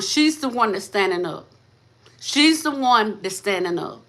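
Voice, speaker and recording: A woman with a mid-range, somewhat bright voice hosts a faith-based motivational channel, speaking at normal speed. She's fervent, repeats her lines, and calls her listeners "sis" and "baby".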